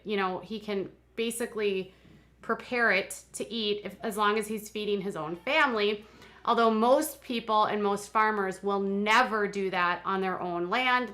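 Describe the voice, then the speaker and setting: A woman hosts a live-streamed commentary in a chatty, exasperated voice. Her voice is bright and crisp, at a middle pitch. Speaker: commentary channel host.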